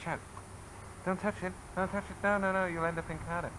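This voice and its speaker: There's background noise as a high-voiced man, talking a little quickly, films his toddler at the family home. Through the camcorder microphone he sounds playful, coaxing, teasing, and animated.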